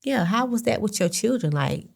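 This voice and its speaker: A woman's voice: medium pitch, expressive, normal speed, vocal fry. A woman hosting a podcast interview, reflective and a little hesitant, with "um" and restarts as she gathers her thoughts. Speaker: podcast host. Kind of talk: conversational interview.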